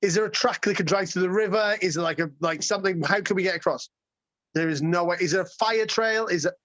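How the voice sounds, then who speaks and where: A man guest telling a road-trip story in a casual, excitable way, swearing and rambling with lots of restarts. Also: high-pitched, fast talker, no echo, lo-fi sound.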